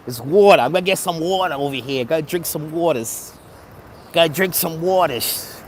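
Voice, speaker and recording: A chatty, upbeat man talks into his phone while walking outdoors on a city street. His voice sits a little high, and he cheers on his viewers by name. Faint traffic hums behind him. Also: normal speed. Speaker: live streamer. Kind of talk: casual live-stream chat.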